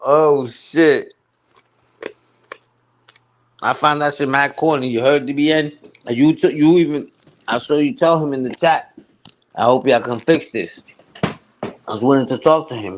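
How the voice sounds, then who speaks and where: A man's voice: a little high, moderate pace, long pauses, slight background noise. A man ranting casually on his live stream. He repeats himself, uses heavy slang and keeps asking "you heard?".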